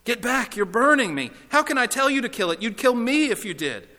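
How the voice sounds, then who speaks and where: A man's voice: extremely high pitch, big pitch swings, brisk, sharp tone, pitched above the performer's own voice, full character voice. A man voicing a cowardly male ghost who whimpers, stammers and begs. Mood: pleading, panicked. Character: frightened whining male ghost, cowardly and pleading. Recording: reverberant hall.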